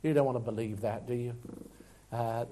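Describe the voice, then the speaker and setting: A man preaching a sermon earnestly, rising to loud emphasis and dropping to quiet asides. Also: medium pitch, steady tone, normal speed.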